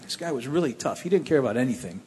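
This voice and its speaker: Man, personal testimony, plainspoken, animated storytelling, roomy hall reverb, faint background hum. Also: mid-range voice, very fast. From Cleveland area. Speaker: speaker telling his testimony.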